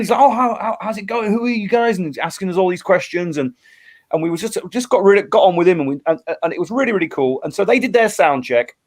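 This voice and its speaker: Middle-aged male musician guest, slightly high-pitched, animated storyteller with restarts. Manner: animated storyteller, acts out quotes, many restarts. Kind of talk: storytelling in a casual interview.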